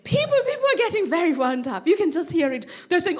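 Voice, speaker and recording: A woman from Kenya performing a stand-up comedy set on a club stage, animated and acting out other people's voices. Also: very high-pitched, fast talker. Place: comedy club stage before a laughing audience. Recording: live club recording with audience laughter and noise.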